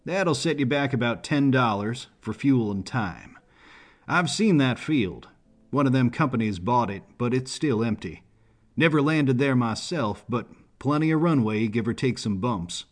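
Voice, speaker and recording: Brief: man reading as a laid-back pilot, husky, folksy drawl, storybook. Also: mid-range voice, expressive. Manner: slow folksy drawl, colloquial. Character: big, folksy rural pilot, easygoing.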